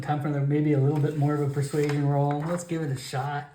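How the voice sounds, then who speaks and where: A man narrating a solo tabletop game in a slow, halting way with fillers. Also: fairly high pitch, little pitch movement, mellow. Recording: echoey room.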